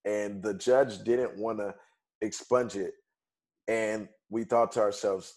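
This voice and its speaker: A man, a guest on a podcast, telling a personal story in a casual, conversational way, moving through events in quick steps. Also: fairly low pitch, steady tone, a little mellow. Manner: conversational, retells events in quick steps with "bam" and "fast forward".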